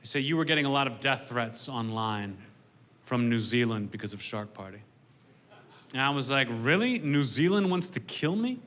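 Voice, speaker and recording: A man doing a stand-up set, delivering dark jokes in a dry, deadpan way. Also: medium pitch, normal speed. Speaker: stand-up comedian.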